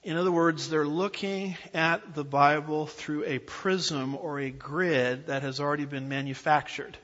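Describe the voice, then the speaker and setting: A man preaching an expository Bible lesson, pausing to ask his listeners to fill in the blanks. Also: a little high, steady tone, fairly bright tone. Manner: asks the audience fill-in-the-blank questions. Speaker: pastor teaching a Bible class. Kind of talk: expository sermon lecture. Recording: dull audio with long hall reverb.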